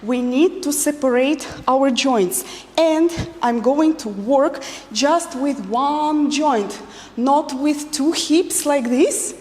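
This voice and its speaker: High-voiced woman teaching dance slowly. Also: a little mellow, long reverb tail. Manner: patient, counts beats aloud while demonstrating. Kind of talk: instructional dance lesson.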